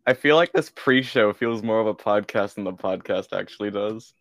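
A young man with a fairly low voice jokes around in relaxed chat with a friend. He is goofy and laughs easily. The sound is dry and close. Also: normal speed, no room sound. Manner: goofy, joking, laughs often. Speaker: podcast co-host. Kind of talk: casual chat.

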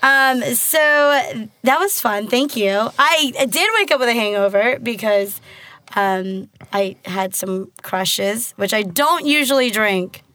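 A young woman hosting a casual podcast chat, excitable and chatty, gasping and laughing along as she rambles through her stories. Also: fairly high pitch, slow pace, no room sound. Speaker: podcast host.

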